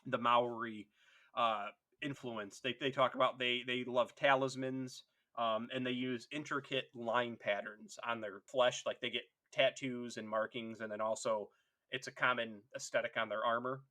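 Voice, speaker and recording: A man's voice: mid-range voice, fairly even intonation, moderate pace, pushed and bright. A man co-hosting a casual podcast chat, laughing often and swearing as he tells stories. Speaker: podcast co-host.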